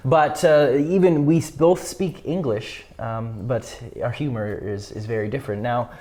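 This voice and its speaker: A man from Canada and the United States talks slowly and thoughtfully in a relaxed conversation. He affirms what his partner says, and his voice sits at an ordinary middle pitch for a man. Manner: measured, reflective, affirming. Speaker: church podcast co-host. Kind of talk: casual conversation.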